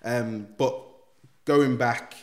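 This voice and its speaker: A man, a guest in a podcast interview, telling his life story in street slang with lively quoted dialogue. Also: medium pitch, very slow. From England. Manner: street slang, animated retelling with acted quotes. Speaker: guest, reformed gang member.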